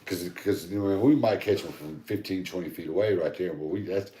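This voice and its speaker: Man, very low voice, rambling casual storyteller, profane, echoey room. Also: a little fast, mellow. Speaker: podcast co-host.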